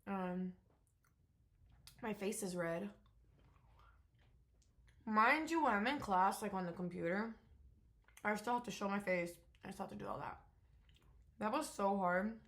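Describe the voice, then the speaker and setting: A woman's voice: mid-range voice, measured pace, long pauses, fairly bright tone. A young woman giving a casual, unscripted vlog update, talking candidly with lots of fillers and the odd swear word. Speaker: vlogger.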